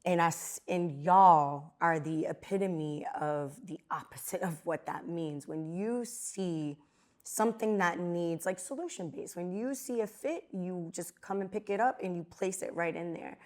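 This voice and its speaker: A woman's voice: lowish voice, measured pace, darkish tone. A woman hosting an interview podcast, affirming and encouraging her guest. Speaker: podcast host. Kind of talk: interview conversation.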